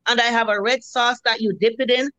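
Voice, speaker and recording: A middle-aged Jamaican woman, a food vendor, chatting in an interview as a lively storyteller who swears freely. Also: on the high side, brisk, no echo, rough recording. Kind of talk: casual interview chat.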